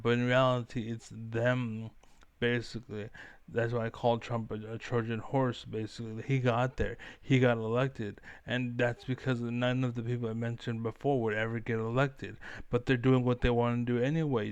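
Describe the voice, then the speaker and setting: A man's voice: medium pitch, smooth, no echo. A young man ranting on camera in a rambling, profane, fired-up way. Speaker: online commentator.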